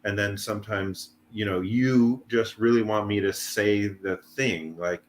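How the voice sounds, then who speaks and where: A man's voice: fairly low pitch, unhurried, slight background noise. A man guest in casual chat, reflecting hesitantly on his habits and leaning on filler words. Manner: hesitant, many fillers and restarts.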